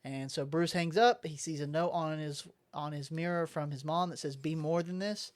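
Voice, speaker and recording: A man's voice: a little high, normal speed. A man co-hosting a casual podcast, recapping a comic book plot step by step in a conversational way. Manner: steady plot recap, acts out quotes. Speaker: podcast co-host. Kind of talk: casual chat.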